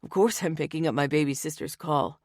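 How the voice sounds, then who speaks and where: A woman's voice: deep voice, brisk, a little mellow, no echo, clean studio sound, pitched below the performer's own voice. A woman voicing a young mafia man who stays cheerful and blasé, in an audiobook. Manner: blasé, cheerful under fire. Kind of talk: audiobook character voice.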